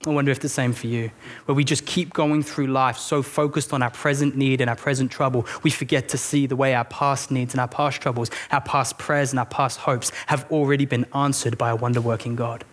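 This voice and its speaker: A man's voice: medium pitch, little pitch movement, fairly quick. A man preaching a sermon as a pastor, talking earnestly and conversationally, with storytelling, self-deprecating asides and frequent restarts. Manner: repeats words and restarts when thinking aloud.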